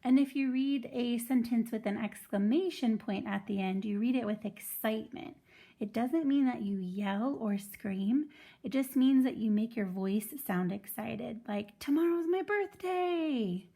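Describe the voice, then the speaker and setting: A woman teaching first grade in an online video lesson, clear and patient as she explains step by step. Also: a little high, unhurried, mellow.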